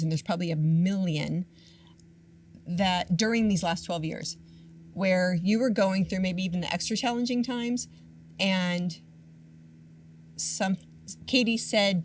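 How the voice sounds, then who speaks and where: A woman's voice: lowish voice, measured pace, pauses often, slight background noise. A middle-aged woman hosting a podcast, asking long, rambling, encouraging questions. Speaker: podcast host. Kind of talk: interview.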